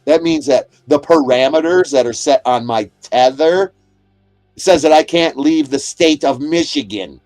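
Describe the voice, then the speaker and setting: Angry high-voiced man ranting, very dry sound. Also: unhurried, no room sound, soft background music. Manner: profane, aggressive, shouts at chatters. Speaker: livestreamer. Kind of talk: angry livestream rant. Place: inside a motorhome.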